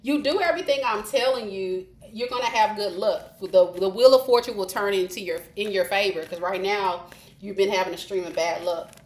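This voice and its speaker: A woman's voice: mid-range voice, a little fast. A woman giving a live-streamed tarot reading, chatty and informal, talking straight to her viewers. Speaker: tarot reader. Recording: roomy echo with faint hiss.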